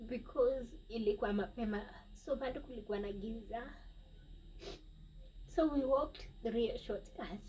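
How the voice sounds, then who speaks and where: Kenyan-accented woman, emotional storytelling, sighing pauses, distant mic, faint background noise. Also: fairly high pitch, dark tone. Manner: emotional, halting, with sighs and pauses. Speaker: vlogger. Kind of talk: personal storytelling.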